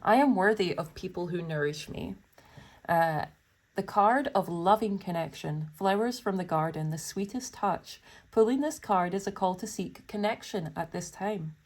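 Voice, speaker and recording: A woman hosting a pick-a-card tarot reading from her home. She reads card passages aloud in a soft, gentle way, then slips into chatty asides. Her talk is giggly and informal throughout. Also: lowish voice, normal speed. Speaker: tarot reader.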